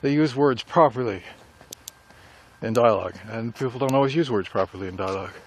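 A man's voice: mid-range voice, a little fast. A middle-aged man talking casually and reflectively about writing dialogue, rambling a little as he goes, with faint traffic noise around him. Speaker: writer vlogger. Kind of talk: casual talk while walking.

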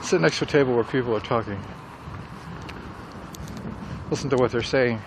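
A middle-aged writer vlogger talks casually while walking, reflecting on writing dialogue and rambling a little. His medium-pitched voice comes very fast, with faint traffic noise in the background.

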